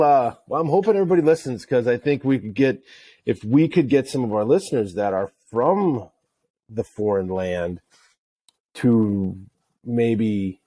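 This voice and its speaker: A middle-aged man from Wisconsin co-hosting a sports parenting podcast, telling stories in a joking, animated way. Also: lowish voice, no room sound. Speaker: podcast co-host. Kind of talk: casual chat.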